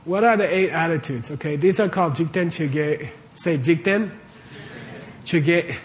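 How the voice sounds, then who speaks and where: A man with a fairly high voice gives a casual dharma lecture at a moderate pace to a live audience in a warm room. He's conversational, questions his listeners often, checks they're following, and says "okay" a lot. Slight background noise and faint room ambience sit behind him.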